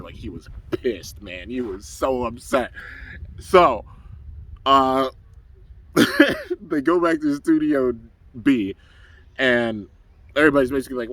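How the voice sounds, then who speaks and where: A man's voice: mid-range voice, lively intonation, unhurried, pauses often, a bit bright, a little hiss or hum, rough recording. A young man casually recapping a cartoon episode, rambling and laughing often as he acts out the characters' lines. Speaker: anime reviewer.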